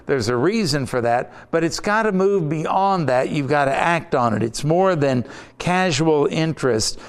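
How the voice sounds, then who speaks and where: A man preaching a sermon as pastor, deliberate and emphatic, building points through repetition. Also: on the high side, clean tone.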